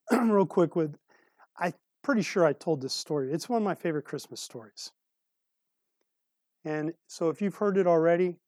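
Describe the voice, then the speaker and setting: A man preaching a sermon as a pastor, telling a story in a conversational way and clearing his throat now and then. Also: a little high, dark tone, no echo. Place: church service room.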